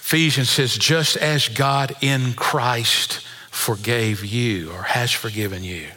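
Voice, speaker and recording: A man's voice: medium pitch, takes it slowly, bright, forceful tone, in a large hall. A man preaching a sermon, reading scripture aloud and building emphasis on key words. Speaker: pastor.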